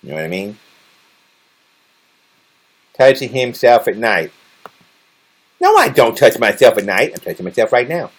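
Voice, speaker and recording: A man's voice: mid-range voice, animated, moderate pace, long pauses, husky. Guy streaming live, crude teasing jokes with chat, voice jumps all over the place. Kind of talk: casual livestream chat with viewers.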